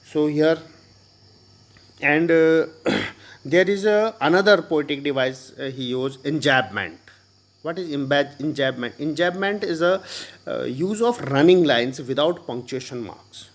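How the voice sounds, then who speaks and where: Man, Indian English accent, teacher explaining a poem, pauses and fillers, crickets faintly behind. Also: a little high, lively intonation. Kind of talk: classroom poetry lesson.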